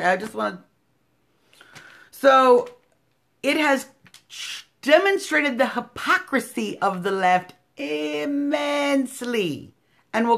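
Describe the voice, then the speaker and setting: A woman in her thirties with an American accent, hosting a live stream and delivering opinionated commentary, combative and sarcastic, swinging from loud outbursts to low asides. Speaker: political live-stream host. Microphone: phone live stream.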